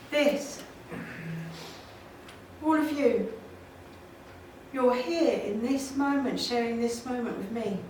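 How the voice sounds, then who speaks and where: The speaker is a woman with a fairly high, somewhat mellow voice, giving an emphatic motivational talk on stage in a large conference hall. She repeats her points and laughs often. It's captured from a distance, with echo and noise.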